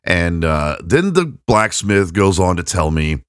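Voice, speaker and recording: This very low-voiced, middle-aged man hosts a podcast and spins a long, rambling tale, laughing at his own expense. His casual delivery is sing-song, unhurried and smooth with few pauses, and the sound is dry and close with no echo or room around him.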